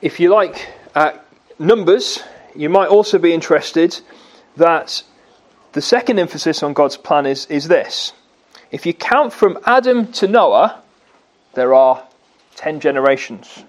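A high-pitched man delivers a sermon from the pulpit. He works through scripture, stopping to put questions to his listeners. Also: lively intonation, a little slow. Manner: teaching, asks the congregation questions. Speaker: preacher.

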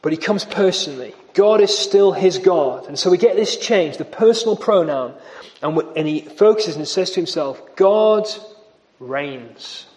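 Male preacher, high-pitched, emphatic sermon delivery, long church reverb. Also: expressive, normal speed, a little mellow. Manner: earnest, emphatic, repeats key phrases.

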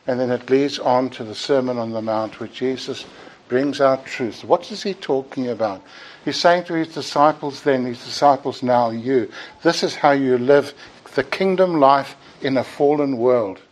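A man's voice: medium pitch, low-quality recording. A man preaching a sermon in a church, earnest and emphatic, sometimes repeating words as he builds a point.

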